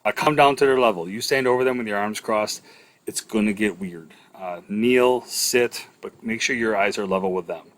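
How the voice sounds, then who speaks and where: A middle-aged man with a somewhat low voice lectures on EMS communication. He talks casually and drops in plenty of ums and uhs. He tells stories from his work on the ambulance. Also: moderate pace, fairly bright tone, a little hiss or hum. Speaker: EMS instructor.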